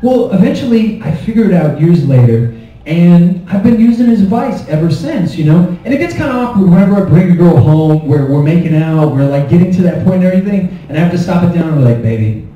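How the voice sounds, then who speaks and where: Lively high-voiced stand-up comic. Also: male voice, a little fast, very echoey, far from the mic, dull audio. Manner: animated storytelling, acting out scenes. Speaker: stand-up comedian. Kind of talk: stand-up comedy set.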